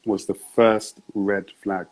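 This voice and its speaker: A man hosting a casual interview, relaxed and laughing often. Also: fairly low pitch, slow pace, low-quality recording. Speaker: host.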